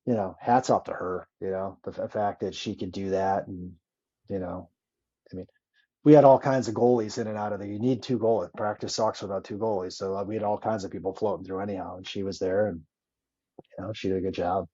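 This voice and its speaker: A man, a former hockey player, telling stories in a casual interview, animated and swearing freely as he acts out old quotes. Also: sits low, a little fast, husky, dull audio.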